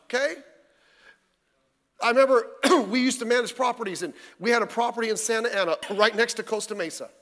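A man's voice: extremely high pitch, a little fast, a bit bright. A male pastor giving a midweek sermon in church, talking in a folksy, conversational way with lots of rhetorical questions. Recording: reverberant church hall.

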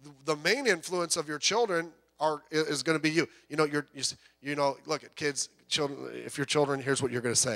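A man's voice: on the high side, brisk, a bit bright. A man preaching a sermon, chatting with the congregation and asking them questions. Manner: conversational, asks the congregation questions, acts out quotes. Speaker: pastor. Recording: long hall reverb.

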